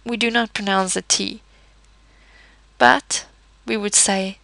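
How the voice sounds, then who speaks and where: Patient woman teaching French sounds, slight fry. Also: medium pitch, steady tone, sharp tone, dry recording. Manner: patient, methodical, slows down to model words. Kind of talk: explanatory language lesson.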